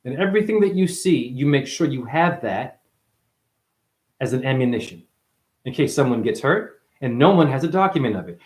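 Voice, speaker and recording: A man's voice: medium pitch, a little fast. Rambling man in a roomy echo. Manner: stream-of-consciousness wordplay, profane, calls listener honey; jumps from mutters to excited loud outbursts. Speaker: spiritual speaker. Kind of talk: rambling monologue.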